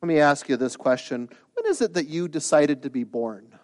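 A man delivering a sermon as pastor, his voice sitting a little on the high side. He moves between casual, conversational asides and earnest, emphatic passages that climb in intensity. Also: sing-song, moderate pace, a little mellow. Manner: earnest, emphatic preaching with rising bursts of intensity.

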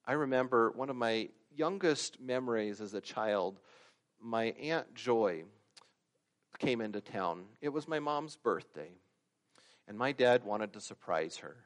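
A man preaching a sermon, swinging from loud emphatic peaks to quiet asides and acting out the stories he tells. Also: medium pitch, lively intonation, measured pace. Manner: acts out quoted voices and stories. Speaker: pastor.

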